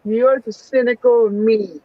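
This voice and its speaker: A woman's voice: a little high, fairly even intonation, moderate pace, slight background noise. A young woman chatting casually with her mother, teasing and swearing freely. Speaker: daughter of the host. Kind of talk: casual chat. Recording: dull muffled sound.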